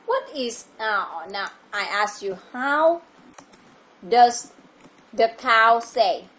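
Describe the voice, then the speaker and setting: This woman speaks extremely slowly, her slightly high voice a bit bright and lively in its rise and fall. She has a Vietnamese accent and is giving a child an online English lesson by video call, patiently repeating each question.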